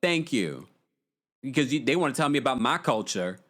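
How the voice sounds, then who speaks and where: A man's voice: medium pitch, sing-song, moderate pace, a bit bright. A man hosting a casual livestream recap, chatting and reading viewer messages aloud. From United States. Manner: chatty, reads viewer super chats aloud. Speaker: podcast host.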